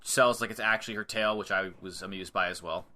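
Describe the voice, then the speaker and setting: A man's voice: sits low, fairly quick. A young man co-hosting a podcast, casually recapping a wrestling match blow by blow and acting out what the wrestlers say. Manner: animated play-by-play with acted-out quotes and swearing. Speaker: podcast co-host.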